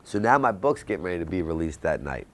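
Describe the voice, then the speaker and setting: Fast-talking and low-voiced, with big swings in pitch, this man in his thirties recounts his addiction and recovery with intensity. Rhetorical questions carry his testimony forward.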